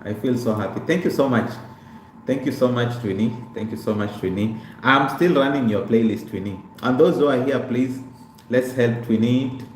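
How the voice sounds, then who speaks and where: Speaking at a moderate pace with a medium-pitched voice, a young man talks casually on a live stream about his life story. He greets viewers by name and repeats himself, recorded in an echoey room with faint background noise.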